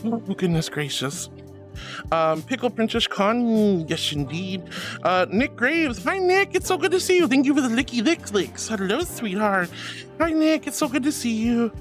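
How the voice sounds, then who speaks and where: A woman's voice: on the high side, expressive, normal speed, soft background music. A woman streaming casually, greeting her chat in a bubbly, affectionate, giggly way. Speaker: VTuber streamer.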